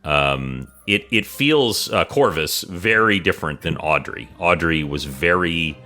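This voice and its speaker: Brief: low, bright man running a tabletop game, chatty, full of fillers. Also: expressive, measured pace, faint music behind. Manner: chatty, hesitant with many fillers. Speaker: game master.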